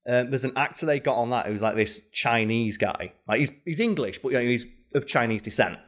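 A man's voice: mid-range voice, brisk. Man rambling in casual podcast chat. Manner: rambling, many fillers and restarts. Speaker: podcast co-host.

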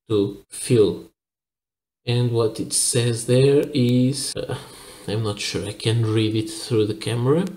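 A man from Portugal talks through a fountain pen review at an unhurried pace. He explains carefully, pausing and restarting as he shows details to the camera. His voice sits mid-range and carries a noticeable room echo. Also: mid-range voice, darkish tone. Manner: careful, hesitant explaining while handling objects. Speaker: pen reviewer, channel host. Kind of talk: product review with demonstration.

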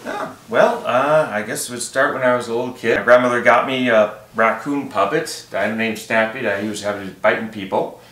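A man's voice: mid-range voice, moderate pace, a bit bright. A man guesting on an interview, chatting about puppetry in a playful, joking way. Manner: playful, jokey storytelling. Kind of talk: casual interview. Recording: echoey room.

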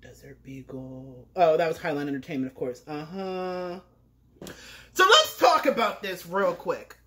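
A woman's voice: on the low side, animated, measured pace, bright, forceful tone. A woman in her twenties hosting a music video reaction, dramatic and flustered, with frequent exclamations. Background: music video playing.

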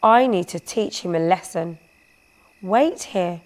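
A woman's voice: on the low side, lively intonation, takes it slowly, a little mellow. Woman reading as a boastful showy painter. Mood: scheming. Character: boastful excitable male Renaissance painter.

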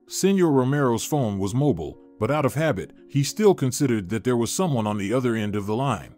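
A man reading a moral story as a measured, steady narrator. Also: mid-range voice. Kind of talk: scripted narration. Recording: dry studio voice-over with soft music. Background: faint music.

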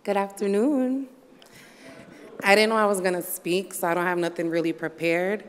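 A woman's voice: fairly low pitch, steady tone, fast talker, clear, resonant tone. A woman from Boston giving an unprepared acceptance speech, casual and conversational with many ums. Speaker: award recipient, photographer. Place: large hall. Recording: hall with long reverb.

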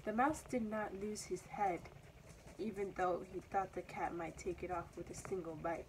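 A young woman, a student, reading a children's story aloud with steady, expressive storytelling. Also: lowish voice, normal speed, a little hiss or hum, low-quality recording. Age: teenager or young adult. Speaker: student reader.

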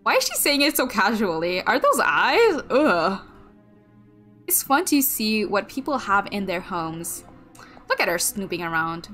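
A woman's voice: medium pitch, big pitch swings, unhurried, sharp tone, soft background music. A young adult woman streamer narrating a game playthrough, reading the text aloud in a small girlish voice.

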